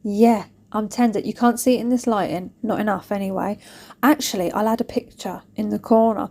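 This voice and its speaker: A woman telling stories in a chatty, animated way, recording a voice-over in her kitchen. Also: mid-range voice, vocal fry. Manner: chatty, animated, laughing storyteller. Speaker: vlogger. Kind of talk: casual storytelling voice-over.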